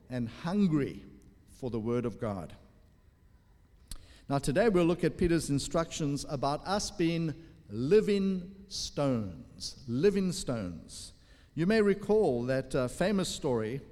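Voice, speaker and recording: A pastor preaching a sermon in an explanatory manner, pausing with fillers. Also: male voice, a little high, a little mellow, long reverb tail.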